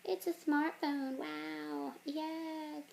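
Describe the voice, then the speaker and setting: A woman's voice: high-pitched, flat delivery, very slow, gravelly, darkish tone, a little hiss or hum, voice pushed up, heavily acted. A woman voicing a dramatic, angsty teenage girl who gushes and snaps. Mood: gushing.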